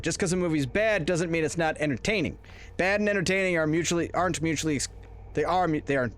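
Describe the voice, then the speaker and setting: A man's voice: a little high, a bit bright. Rambling, jokey male game streamer. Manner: rambling, jokey, talks to chat. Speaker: streamer playing a horror game. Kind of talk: casual live-stream commentary.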